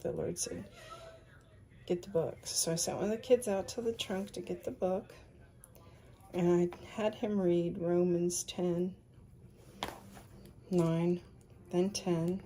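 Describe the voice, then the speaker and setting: A woman in her fifties speaks slowly in a mellow, somewhat low voice. She tells a personal faith testimony, soft-spoken and often dropping into a breathy whisper. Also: flat delivery.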